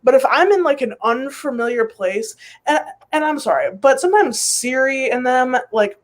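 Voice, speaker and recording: A woman co-hosting a casual talk show, talking quickly with lots of fillers. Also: high-pitched, animated. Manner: talkative, heavy use of "like". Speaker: podcast co-host. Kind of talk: casual chat.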